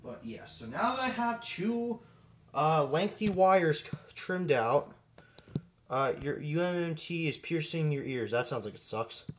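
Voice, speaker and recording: Rambling male hobbyist on a live stream, fillers and asides, slightly raised pitch, echoey room sound. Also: expressive, unhurried, a little hiss or hum. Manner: rambling, filler-heavy, thinking aloud. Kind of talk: casual live stream chat. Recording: roomy echo.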